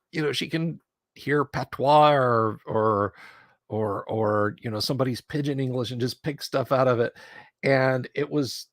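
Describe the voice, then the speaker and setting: A man's voice: medium pitch, steady tone, a little slow, pauses often, dry recording. A middle-aged man streaming, chatting casually and telling rambling anecdotes close to his mic. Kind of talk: casual chat.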